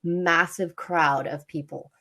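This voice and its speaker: A woman's voice: fairly low pitch, steady tone, slow pace, bright, forceful tone. A woman co-hosting a casual podcast, chatty and open, laughing often and using many fillers. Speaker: podcast co-host.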